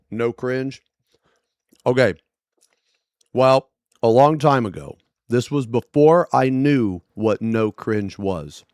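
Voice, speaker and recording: A male streamer telling a story in casual, profane livestream chat with animated storytelling. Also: medium pitch, no echo, studio quality.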